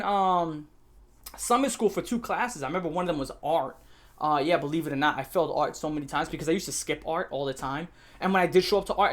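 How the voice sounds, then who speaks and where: A young man telling a profane storytime rant, brash and boastful, dropping to mutters then shouting. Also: high voice. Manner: brash, swearing, boastful, swings between mumbling and shouting. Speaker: YouTuber.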